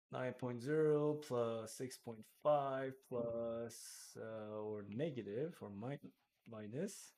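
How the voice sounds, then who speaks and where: A man with hiccups explains a math problem step by step. He works it out aloud in a casual teaching voice, pausing to check himself and fix slips. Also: medium pitch, a little mellow. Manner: thinks aloud while working problems, self-correcting. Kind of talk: screen-recorded math lesson.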